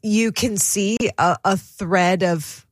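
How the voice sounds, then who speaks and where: A woman's voice: medium pitch, slow, dry recording, studio quality. A woman co-hosting a call-in radio talk show, introducing callers and reflecting on their stories. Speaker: radio co-host.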